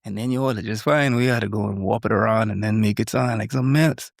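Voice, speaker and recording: A man, co-hosting a podcast in animated casual chat, his voice jumping up when he makes a point. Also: fast talker, gravelly, no echo, studio quality. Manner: animated, jumps up in pitch when emphatic. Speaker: podcast co-host.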